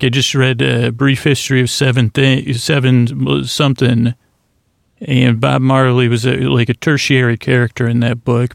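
A man hosting a bedtime podcast, rambling in a creaky, self-deprecating, meandering way with lots of fillers. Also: mid-range voice, dry recording, clean studio sound. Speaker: podcast host.

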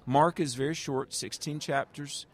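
A man's voice: fairly high pitch, steady tone, a little slow. Earnest evangelist man preaching. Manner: earnest, tells stories, speaks directly to the listener. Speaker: guest evangelist. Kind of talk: interview answers, preaching tone.

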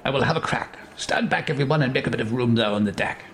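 A man voicing an elderly bearded male wizard with raised, excitable exclamations in a comic story reading. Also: medium pitch, fast, a little hiss or hum, natural voice.

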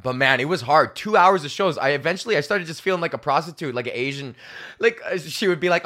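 A man's voice: on the high side, lively intonation, quick pace, bright, forceful tone. A young man hosting his own comedy podcast, rambling and swearing as he rants, laughing at his own bits and acting out mocking quoted voices. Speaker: podcast host. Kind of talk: solo comedy podcast rant.

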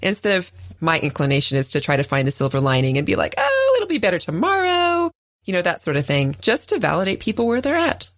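A woman in her forties co-hosting a podcast, telling a story in casual chat and jumping up in pitch when she quotes other people. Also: quick pace, few pauses, no room sound, clean studio sound. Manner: animated storytelling, jumps high when voicing others. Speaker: podcast co-host.

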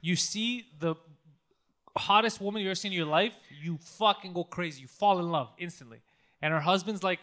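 A man's voice: high-pitched, brisk, a bit bright. A man co-hosting a podcast in casual chat, teasing crudely and laughing often. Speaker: podcast co-host.

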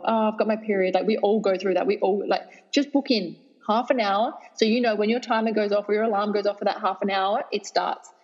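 An Australian woman fitness trainer speaks energetically and with emphasis in a podcast interview. Her voice is a little husky. The sound is dull and lo-fi, with a long reverb trailing behind it. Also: medium pitch. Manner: energetic, emphatic, laughs easily.

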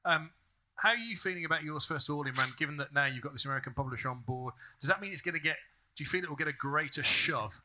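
A man hosting a live podcast panel, briskly steering the conversation with questions. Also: on the high side, background noise. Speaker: podcast host moderating a panel. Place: festival stage before a live audience.

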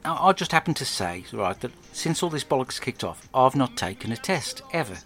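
A man with an English accent telling a crude comic diary monologue, rambling and deadpan. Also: mid-range voice, fairly quick. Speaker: podcast host.

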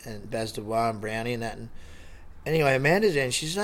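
An Australian man, a lifeguard on a TV show, telling stories in a rambling, animated way and acting out the dialogue. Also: medium pitch, fast talker. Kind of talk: casual storytelling interview.

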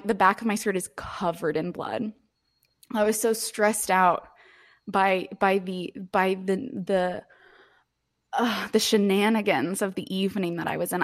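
Young woman co-host, 20s, animated storyteller with frequent laughs and a loose, swearing delivery, mid-range pitch. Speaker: podcast co-host. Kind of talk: casual storytelling chat.

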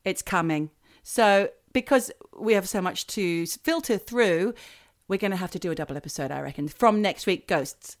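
A woman's voice: on the low side, moderate pace. A woman co-hosting a chatty podcast, teasing and steering the talk. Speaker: podcast co-host. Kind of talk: casual chat.

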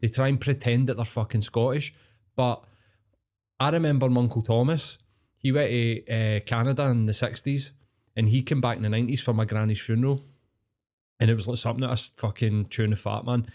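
Sweary Glaswegian podcast co-host. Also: male voice, mid-range voice, steady tone, a little fast, a little mellow. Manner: sweary, anecdotal storytelling. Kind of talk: casual chat.

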